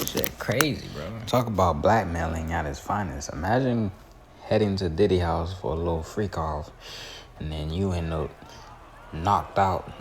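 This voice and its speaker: Deep-voiced young man with slangy banter. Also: a little hiss or hum. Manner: slangy, rambling and joking. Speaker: gaming channel host. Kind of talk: casual commentary over gameplay.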